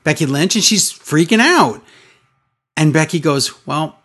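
Excitable guy on a podcast, voice jumps all over, kinda high for a man. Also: husky. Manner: excitable, retells scenes with quick voice changes. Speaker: podcast co-host. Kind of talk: casual podcast chat recapping wrestling.

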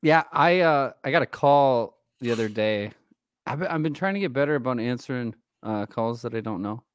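A man's voice: medium pitch, moderate pace, clean tone. A man co-hosting a podcast in a casual chat, telling stories with animation and laughing along. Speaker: podcast co-host.

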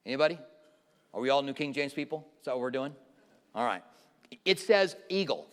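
A man's voice: mid-range voice, expressive, brisk, a bit bright. A man giving an informal Bible teaching to a live audience, often putting questions to the listeners. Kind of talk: conversational sermon teaching. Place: church hall with a live audience. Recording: long reverb of a large hall.

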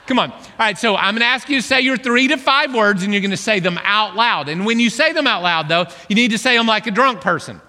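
A man preaches to a congregation, animated and joking as he coaxes them along. His voice sits high and sounds bright and forceful, and it rings out with the long reverb of a large hall. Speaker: pastor. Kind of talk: sermon. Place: church hall.

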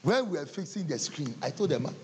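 A man preaching a humorous sermon, telling animated stories and acting out conversations. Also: fairly high pitch, fast talker, slight background noise. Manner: animated storytelling, acting out dialogues with laughter.

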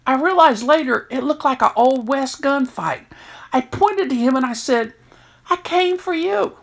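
A middle-aged woman, a prison chaplain, telling stories in a lively way and jumping higher when she quotes people. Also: normal speed. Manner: animated storyteller, jumps high to quote herself and others. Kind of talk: storytelling talk.

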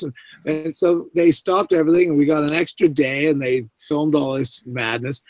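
A middle-aged man telling a story from a film set, his voice sitting a bit high for a man. He lively acts out the people he quotes with big jumps in pitch. The sound is dry and close, with almost no room around it. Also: brisk, dry recording. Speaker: actor, interview guest. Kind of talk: anecdotal storytelling.

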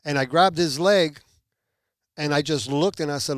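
A man's voice: a little high, moderate pace, long pauses, dry recording, clean studio sound. A man from Puerto Rico, a podcast guest, telling a testimony with animation and acting out the people in it. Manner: animated, acts out quoted people. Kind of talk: testimony storytelling.

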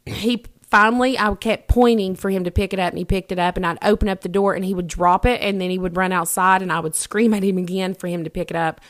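A woman in relaxed podcast chat, telling a story from her farm life and laughing often as she talks. Her pitch sits in an ordinary middle range and her storytelling is lively and unscripted. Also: quick pace, few pauses. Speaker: podcast co-host. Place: rural home.

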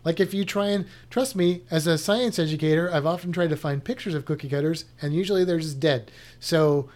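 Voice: medium pitch, fairly quick, a little mellow. Chatty skeptical science educator. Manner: skeptical, chatty, thinks aloud with restarts. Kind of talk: casual chat reacting to a show lineup.

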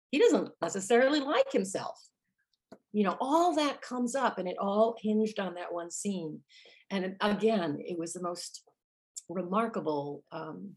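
A woman's voice: fairly low pitch, a little mellow. A woman, a musical theater actress, telling a story in a casual interview and acting out the lines she quotes.

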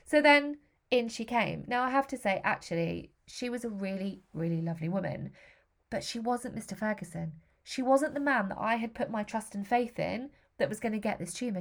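A woman's voice: mid-range voice, moderate pace. Emotional British woman telling her story. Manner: emotional, candid, acts out other voices. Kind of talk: personal storytelling.

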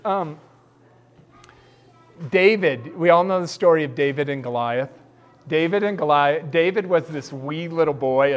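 A man preaching a sermon in a casual, animated storytelling way, acting out bits of dialogue. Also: high-pitched. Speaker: pastor.

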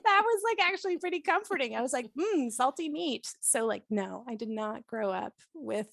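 A woman's voice: fairly high pitch, brisk, vocal fry, fairly bright tone, no room sound, studio quality. A woman in her forties, from Canada, telling stories on a podcast in a chatty way with many fillers and frequent laughs. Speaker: podcast host being interviewed. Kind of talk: casual storytelling chat.

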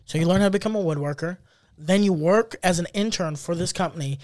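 Man, podcast co-host, casual chat, rambling, high voice, dry close mic. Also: fast talker, no echo. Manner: animated, rambling with many fillers.

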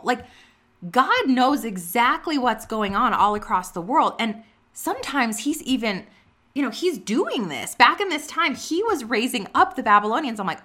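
Woman vlogger, bright tone, chatty and earnest, casual faith talk, reads scripture with quick reactions. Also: on the high side, big pitch swings. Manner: chatty and earnest, heavy use of "like" and "you know". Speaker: vlogger sharing a faith and business update.

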